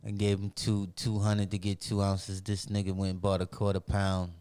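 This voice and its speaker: A man from Roxbury, telling animated, profane stories as a podcast guest in casual talk. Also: low voice, moderate pace, clean tone. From Roxbury, Boston. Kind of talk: casual storytelling.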